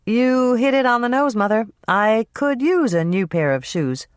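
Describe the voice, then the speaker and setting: Young baker woman, wry and patient, a bit higher, narrator doing her, close dry sound. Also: animated, measured pace, clean tone, no room sound, lightly acted.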